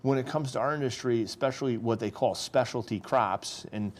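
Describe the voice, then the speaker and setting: A man, a farmer speaking as a guest on a local talk show, earnest and halting, often restarting his sentences. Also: medium pitch. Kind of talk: casual interview talk.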